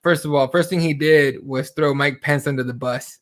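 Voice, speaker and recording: A man co-hosting a casual show, ranting with heat and plenty of swearing, slipping into impressions of the people he quotes. His voice sits a little higher than most men's. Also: fairly even intonation, moderate pace. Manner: heated and profane, mimics voices while retelling. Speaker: podcast co-host. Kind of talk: casual chat about current events.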